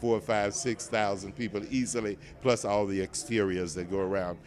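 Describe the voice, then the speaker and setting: A man's voice: lowish voice, steady tone, normal speed, a little mellow. An older man from Nashville with a Southern accent, a guest chatting playfully and teasing in an interview at an event. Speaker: guest, TV show host. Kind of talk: casual interview chat. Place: event venue, indoors.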